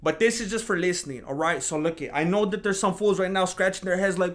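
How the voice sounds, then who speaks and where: A man talking on a solo podcast in a casual, rambling way. His voice sits a little higher than most men's, and he jumps up into higher, mocking tones when he imitates critics. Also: fast talker, few pauses. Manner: rambling, animated, mocks imagined critics in a higher voice. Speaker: podcast host.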